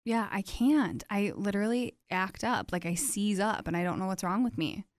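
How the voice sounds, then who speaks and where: A young woman co-hosting a casual chat show, sounding congested and short of breath, chatty and self-deprecating, quick to laugh. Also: mid-range voice, dry recording. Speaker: podcast co-host.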